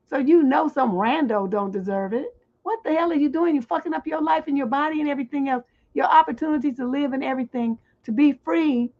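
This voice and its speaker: A middle-aged woman hosting a livestream relationship advice show, reading viewer letters and answering in blunt, profane, exasperated rants. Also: high-pitched. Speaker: relationship coach and livestream host. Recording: dull lo-fi stream audio.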